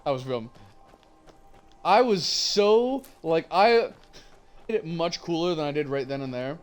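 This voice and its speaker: A man's voice: fairly high pitch, animated, measured pace, pauses often, faint music behind. A young man streaming a game, chatting casually and telling a rambling, profane story. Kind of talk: casual chat while gaming.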